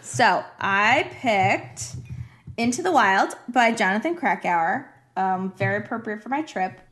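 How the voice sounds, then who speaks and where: Relaxed wry woman in book chat. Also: medium pitch, measured pace. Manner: relaxed, wry, thinking aloud with fillers.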